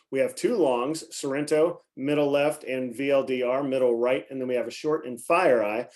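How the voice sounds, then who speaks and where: A man walks through the morning's trades in an easygoing, rambling way, stumbling over words and restarting often. He keeps clearing his throat and coughing between points as he talks into a computer mic. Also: mid-range voice, fairly bright tone. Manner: rambling, many fillers and self-corrections. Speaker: market commentary host. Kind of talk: casual live market commentary.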